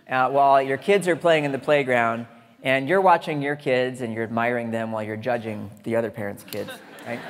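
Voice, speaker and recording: With a gravelly, mid-range voice, a conference speaker keeps his talk chatty and funny, making asides to the crowd. He's on the stage of a large lecture hall, and the sound carries the hall's reverb.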